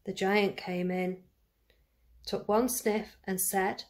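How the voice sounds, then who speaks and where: A woman reading a fairy tale aloud to children, gentle and speaking to them directly. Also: medium pitch, steady tone, takes it slowly, long pauses. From United Kingdom. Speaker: storyteller for children. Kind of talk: read-aloud storytelling.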